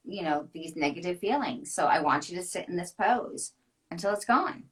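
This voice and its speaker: A woman's voice: on the low side, animated, normal speed. A woman hosting a live video-call interview, enthusiastic and affirming toward her guest. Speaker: host.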